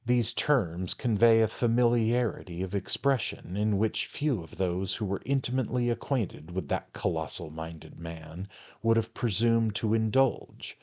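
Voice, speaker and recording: A man narrating a classic novel aloud in a measured, formal manner. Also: lowish voice, darkish tone. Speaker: audiobook narrator.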